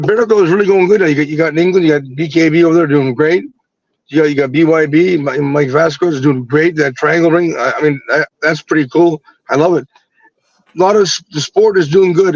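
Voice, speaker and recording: A man who is a bare-knuckle fighter, talking in a halting way with many repeated words. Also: fairly high pitch, no echo, muffled recording. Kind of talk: casual interview talk.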